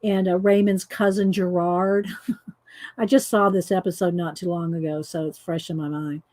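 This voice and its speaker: A woman's voice: lowish voice, level tone, normal speed, dark tone. A middle-aged woman, hosting a casual coloring livestream, chatty and laughing often as she greets viewers. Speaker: livestream host demonstrating coloring.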